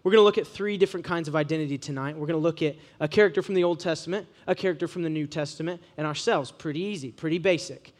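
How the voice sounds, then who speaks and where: Young guy preaching to college kids, highish voice, jokey and loose, tells stories. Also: very fast, hardly any pauses. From Ohio, USA. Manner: casual, joking, animated storyteller. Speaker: preacher to students. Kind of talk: sermon with humorous storytelling.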